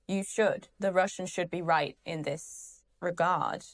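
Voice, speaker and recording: A woman's voice: fairly low pitch, steady tone, a little slow, hardly any pauses. A young woman hosting her own channel, ranting about a TV character in a sarcastic, exasperated way, swearing freely and rambling through asides and restarts. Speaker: channel host. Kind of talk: ranting commentary.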